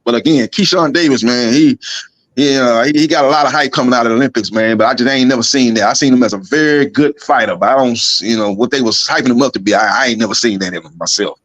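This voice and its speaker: A man's voice: medium pitch, fairly bright tone, dry recording. A man co-hosting a boxing talk show in casual chat, loose and repetitive in his phrasing. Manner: fast, loose, repeats himself. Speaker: boxing podcast co-host.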